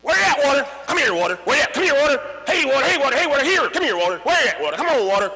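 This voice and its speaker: A man voicing a folksy, loud old farmer who dowses for water, calling out in a high, drawling holler. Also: sing-song, rapid-fire, exaggerated voice. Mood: coaxing. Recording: echoey hall with long reverb.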